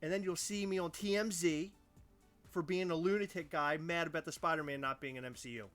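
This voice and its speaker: A man's voice: on the high side, steady tone, brisk, over music. A young man co-hosting a casual podcast chat, ranting with mock outrage. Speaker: podcast co-host.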